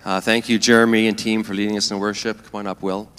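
Pastor guy, low-ish bright voice, calm and gentle, praying, echoey church hall. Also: soft background music. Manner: gentle, unhurried, prayerful. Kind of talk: church service introduction and prayer. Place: church sanctuary.

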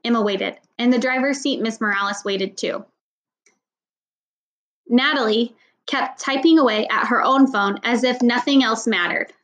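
A woman with a somewhat high voice reads a children's novel aloud. Her narration is steady and even, in the manner of storytelling. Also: unhurried, poor audio. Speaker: audiobook reader.

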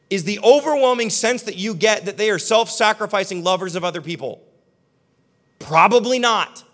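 A young male pastor delivers a sermon to a live congregation, with a slightly higher voice for a man. His delivery is conversational and emphatic, and he addresses his listeners directly. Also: a bit bright. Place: church hall with a live audience.

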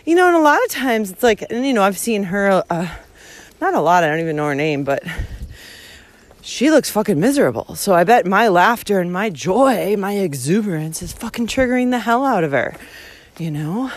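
A woman's voice: medium pitch, very animated, normal speed. A woman vlogging from a hiking trail on her phone, talking heatedly with heavy swearing and frequent laughter. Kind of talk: casual walking vlog. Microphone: handheld phone.

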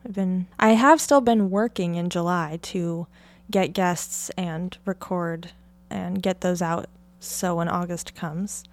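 A woman's voice: on the low side, fairly even intonation, slow pace, no echo. A young woman from Oregon hosting her own podcast in a casual solo chat. She rambles in a chatty way, leaning on "like" with bits of light laughter. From Oregon, United States. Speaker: podcast host.

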